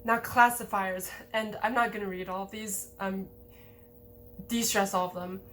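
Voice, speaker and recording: A woman's voice: mid-range voice, fairly even intonation, moderate pace, fairly bright tone, a little hiss or hum. A woman giving a casual lesson over slides, explaining in a chatty way with many fillers. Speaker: language teacher.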